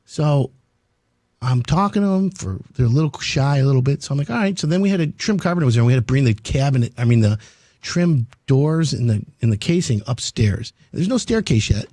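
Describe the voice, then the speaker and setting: A man hosting a live radio show in a studio, chatty and full of jokes as he tells stories. His pitch swings up and down a lot, and his voice sounds a little husky. The recording is dry and close. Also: lively intonation, fairly quick, warm tone, no echo. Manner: chatty, storytelling, jokey. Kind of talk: casual talk radio chat.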